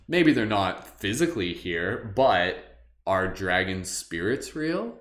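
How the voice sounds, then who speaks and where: Male meditation host, loose rambling livestream chat with a playful streak, low register, recorded in a reverberant room. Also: big pitch swings, unhurried, a bit bright. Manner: rambling, heavy use of "like"; playful, wondering.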